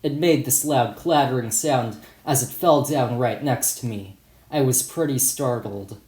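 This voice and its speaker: A man's voice: mid-range voice, a little slow, darkish tone. A man reading his own first-person story as an audiobook in a plain, matter-of-fact way. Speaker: author and narrator. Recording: roomy echo.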